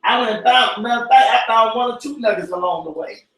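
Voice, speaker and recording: A man with a very high voice leads an informal church Bible study. His talk is animated and preachy, rising into shouts. He sounds far from the mic in a very echoey room. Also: fast talker. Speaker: cell group teacher.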